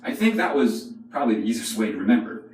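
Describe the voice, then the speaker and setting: A man's voice: fairly low pitch, big pitch swings, fast, darkish tone, echoey room, distant mic, a little hiss or hum. A man hosting a comedic language lesson as the teacher, playful and joking with mock-dramatic asides. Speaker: Japanese teacher.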